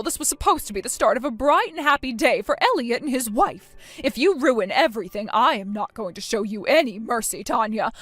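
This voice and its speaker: A woman's voice: on the high side, fairly bright tone, dry recording. A woman voicing a stern mother of the groom who scolds with harsh contempt in a voiced text-story drama. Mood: cold anger.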